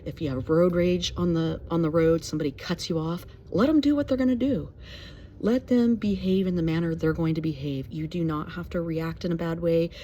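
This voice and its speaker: A woman's voice: lowish voice, a little fast, mellow, slight background noise. A middle-aged woman sharing a personal story in an earnest, reflective way, with many fillers, as a mental health advocate.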